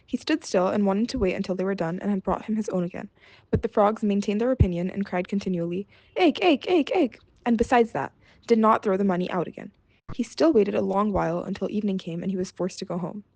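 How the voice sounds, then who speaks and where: Creaky-voiced woman reading a fairy tale. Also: medium pitch, dry recording. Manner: steady, measured storytelling. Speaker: storyteller.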